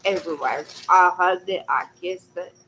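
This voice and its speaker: Bright-voiced woman telling a rambling story. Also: on the low side, moderate pace, a little hiss or hum, low-quality recording. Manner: rambling and folksy, full of "you know". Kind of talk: casual storytelling to camera.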